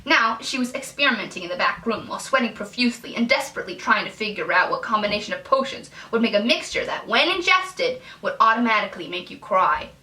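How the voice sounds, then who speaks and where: A young American woman, chatty and self-mocking as she reads out her old writing. Her voice is bright and fairly high. The room has a noticeable echo, and she sits a little back from the mic. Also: expressive, fast, hardly any pauses, far from the mic. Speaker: YouTube host. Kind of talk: reading her old fanfiction aloud with comments.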